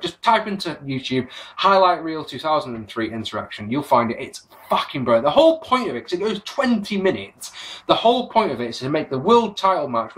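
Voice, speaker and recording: A British man hosting a casual solo podcast, reviewing with sarcasm and plenty of swearing. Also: high voice. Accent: British English. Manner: animated, sarcastic, swears freely. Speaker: podcast host.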